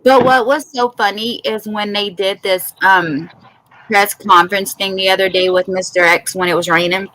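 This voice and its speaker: A woman in casual conversation about a news case, unhurried and conversational. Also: medium pitch, fairly even intonation, bright, forceful tone, low-quality recording. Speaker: co-host.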